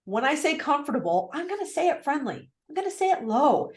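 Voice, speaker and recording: A lively woman coach running a call-script lesson on a video call, her voice a little higher than most. She talks with real energy and acts out what clients might say. The sound is roomy, with a clear echo. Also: moderate pace, hardly any pauses.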